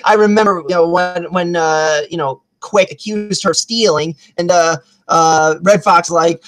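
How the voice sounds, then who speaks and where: A young woman hosting a casual chat about movies, rambling and animated, with many restarts. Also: lowish voice, measured pace. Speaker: host.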